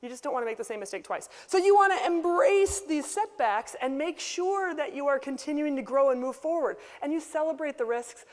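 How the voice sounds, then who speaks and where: A woman delivering a lively conference keynote speech in a conversational way, often acting out the people she quotes. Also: high voice, brisk, hardly any pauses. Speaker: keynote speaker. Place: conference hall. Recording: reverberant conference hall.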